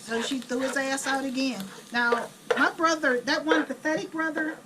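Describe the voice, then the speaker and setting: A middle-aged woman telling blunt, animated family stories while she cooks at home. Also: high-pitched, normal speed. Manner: blunt, chatty, animated retelling. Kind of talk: casual storytelling while cooking. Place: home kitchen. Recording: distant camera mic, noisy kitchen.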